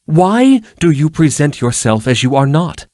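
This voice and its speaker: A man with an expressive, medium-pitched voice reads an audiobook at a measured pace, recorded with studio quality and no echo. He voices a proud, fiery half-elf woman, raising his pitch above his own but staying close to an everyday voice. She sounds sharp and demanding, her voice raised.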